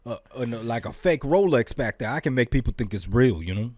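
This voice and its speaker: A man voicing a slick young street hustler making shady offers, in rapid sales patter. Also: mid-range voice, lively intonation, darkish tone, no room sound, voice pushed down, lightly acted. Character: fast-talking young male street hustler.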